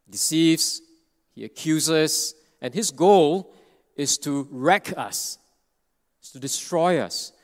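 A man's voice: fairly high pitch, lively intonation, takes it slowly, long reverb tail. A man preaching an expository sermon, earnest and explanatory, often restarting phrases and checking in with "right?".

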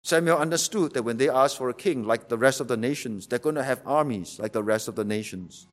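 A man's voice: mid-range voice, brisk. A man preaching a sermon, emphatic and repeating rhetorical questions to drive his point home.

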